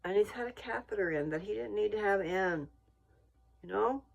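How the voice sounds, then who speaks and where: A woman's voice: medium pitch, normal speed, gravelly, highs cut off. An American woman chatting casually in a meandering, think-aloud way while out walking. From United States. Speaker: vlogger. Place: outdoors on a walk.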